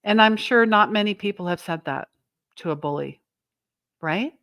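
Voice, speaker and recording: A woman's voice: medium pitch, normal speed, fairly bright tone, clear, resonant tone, no room sound. A woman host giving a motivational talk to her viewers, earnest and emphatic, often asking "right?". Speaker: self-help channel host.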